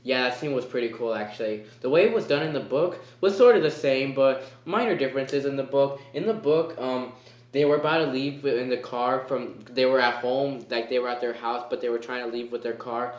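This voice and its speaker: A man's voice: medium pitch, a little fast, lo-fi sound. A man giving a casual spoken movie review. He rambles and hesitates, with lots of fillers. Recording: echoey room.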